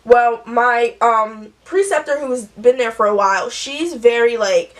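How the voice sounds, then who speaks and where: A woman's voice: a little high, unhurried, hardly any pauses. A young woman, chatting through a story while doing her makeup, acting out the people she quotes. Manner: chatty, animated, acts out quotes. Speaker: nurse vlogger.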